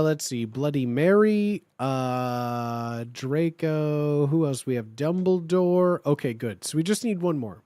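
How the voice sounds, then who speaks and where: A streamer reading fan fiction aloud on a live stream, chatty and excitable, talking straight to the chat. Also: mid-range voice, no room sound, clean studio sound.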